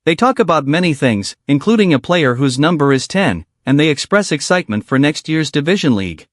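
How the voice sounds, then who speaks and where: A man narrating a story recap in a brisk plot-summary reading. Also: on the high side, big pitch swings, no room sound, studio quality. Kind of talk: scripted narration.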